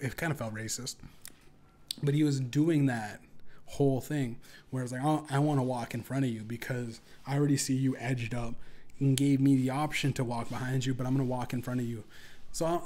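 A man hosting a podcast, telling a profane story casually and acting out other people's lines in a higher voice. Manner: profane, animated, acts out quotes in a higher voice. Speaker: podcast host.

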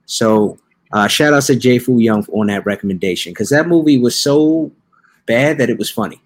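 A young man hosting a podcast, casually recapping a movie in a slangy, joking way and putting on quick voices for the characters. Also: medium pitch, lively intonation. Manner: laid-back slangy storytelling with playful quoted voices. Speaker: podcast host. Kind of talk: casual comedic movie review.

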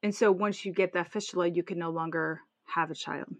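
A frank, outspoken woman co-hosts a casual podcast chat. Her voice sits low and she speaks with blunt candor. The sound is dry and close, with no room around it. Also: fairly even intonation, a little fast, no echo. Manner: frank and outspoken, swears when indignant. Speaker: podcast co-host.

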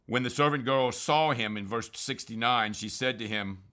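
A man's voice: medium pitch, moderate pace, bright, forceful tone. A man walking listeners through Bible readings in an earnest, emphatic, informal way, with frequent fillers and restarts. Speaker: Bible teacher. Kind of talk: informal scripture commentary.

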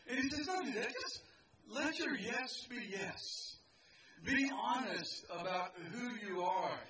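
A man preaching to a picnic crowd at a park, talking in a loose, conversational way with joking asides to his listeners. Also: high-pitched. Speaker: pastor. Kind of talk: outdoor sermon. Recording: distant mic with crowd noise.

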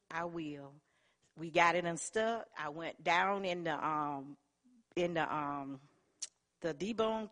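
A woman's voice: fairly low pitch, a bit bright. Earnest woman giving a church testimony. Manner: earnest, colloquial storytelling. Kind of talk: personal testimony.

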